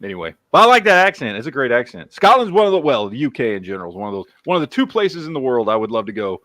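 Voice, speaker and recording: Brief: Texan man, livestream host, lively up-and-down pitch, dry close mic, profane rambling chat. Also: rapid-fire, no echo. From Texas. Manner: rambling, profane, reads chat names aloud.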